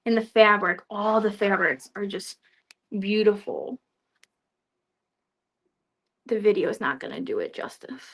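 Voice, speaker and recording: Hosting a casual live showcase of new quilting products, this young woman speaks in a medium-pitched, expressive voice, unhurried and with long pauses. She chats freely, giggles, and laughs at herself whenever she trips over her words.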